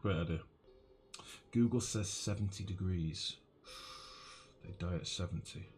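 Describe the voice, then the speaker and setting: Deep, unhurried and darkish in tone, the voice belongs to a young man from northwest England, with a little background noise in the clip. While streaming a game live, he thinks aloud and chats casually with his viewers, calling them mate.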